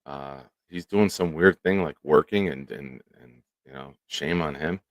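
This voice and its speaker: Deep-voiced male host of a live stream, lively and chatty, dry studio mic. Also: measured pace, dry recording. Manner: animated, talks to chat by name. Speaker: show host. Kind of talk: casual live-stream chat. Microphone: studio microphone.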